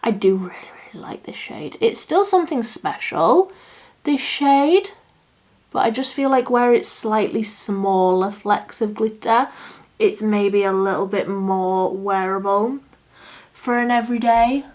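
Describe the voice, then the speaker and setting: A young woman talks through her eye makeup at an unhurried pace, thinking aloud as she works. She often drifts into a soft murmur mid-sentence, and her pitch sits in the middle of the range. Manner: chatty, thinking aloud, drops to a soft murmur while working. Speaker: beauty vlogger. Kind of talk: casual makeup tutorial chat.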